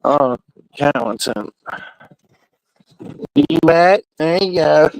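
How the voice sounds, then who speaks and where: Slow-talking crude man, casual vlog. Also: on the high side, lively intonation, vocal fry, no room sound, low-quality recording. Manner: loose, crude, talks to himself and his cat. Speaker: vlogger. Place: outdoors in the rain and at home.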